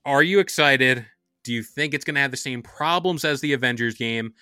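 A man hosting a casual gaming podcast, upbeat and playful, with quick asides. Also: medium pitch, pushed and bright, clean tone, no room sound, clean studio sound. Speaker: podcast host.

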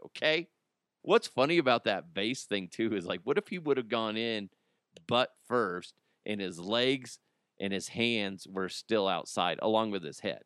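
Joking podcast host, dry close sound. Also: male voice, mid-range voice, fairly bright tone, dry recording. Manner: joking, rambling, laughs at own jokes. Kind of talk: casual solo podcast monologue.

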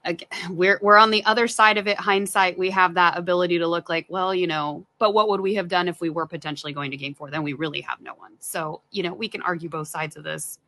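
Woman on a baseball podcast, lowish voice, talks things through out loud. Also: steady tone, quick pace, hardly any pauses. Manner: thinks aloud, weighs both sides. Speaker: podcast co-host. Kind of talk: casual sports podcast talk.

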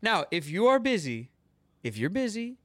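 Animated man ranting with mock outrage. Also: a little high, normal speed, no room sound, studio quality. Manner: animated, theatrical rants with exaggerated outrage. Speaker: podcast host. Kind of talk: casual chat.

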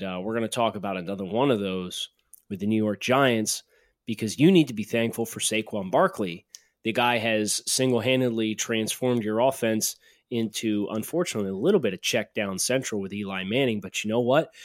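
A man's voice: lowish voice, fairly quick, dry recording. Guy on a sports podcast, opinionated, goes off on rants, dead dry sound. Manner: opinionated, ranting. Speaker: podcast co-host. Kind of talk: casual sports chat.

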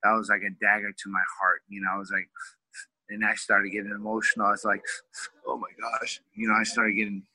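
A man's voice: lowish voice, completely flat delivery, fast talker, bright, forceful tone, dry recording, low-quality recording. A man in his forties from California, a wrestling coach telling a heartfelt personal story in an emotional, rambling way, full of fillers. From California, USA.

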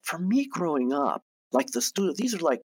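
A man's voice: a little high, moderate pace, breathy edge. A man, a guest on a podcast, tells a story in a casual way, often restarting and repeating his words. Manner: animated anecdote-teller who restarts and repeats words. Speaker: guest, TV producer and director.

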